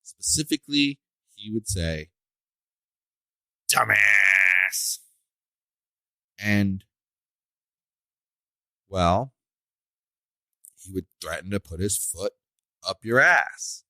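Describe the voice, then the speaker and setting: A man's voice: lowish voice, sing-song, measured pace, pushed and bright, no room sound, rough recording. A man hosting a solo podcast, ranting in an indignant, emphatic way and drawing out the words he stresses. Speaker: podcast host.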